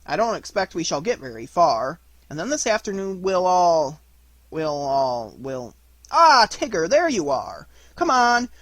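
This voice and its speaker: A self-important rabbit barks brisk orders in a raised, lively voice, as a man puts him on. He hurries his words and then stumbles over them. It is a close, dry storybook reading. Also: sits high, no room sound, heavily acted. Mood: bossy.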